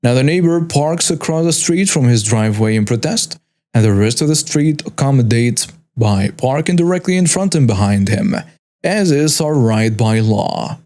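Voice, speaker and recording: A man's voice: mid-range voice, animated, moderate pace, dark tone. Man narrating a story.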